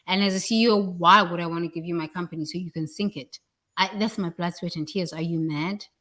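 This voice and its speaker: A woman's voice: on the low side, steady tone, brisk, fairly bright tone. A woman giving a blunt, preachy motivational talk about work and responsibility, swearing freely. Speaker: leadership speaker.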